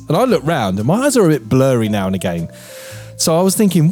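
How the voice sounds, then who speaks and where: A man in his forties co-hosting a podcast, telling a story in animated, mock-outraged casual chat and swearing freely. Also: medium pitch, fast, soft background music. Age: 40s. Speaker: podcast co-host.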